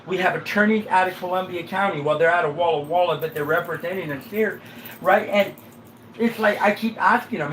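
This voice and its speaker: A man's voice: sits high, a little fast, roomy sound, a little hiss or hum, rough recording. A man making a rambling complaint to a sheriff, often asking "right?" to check he is followed.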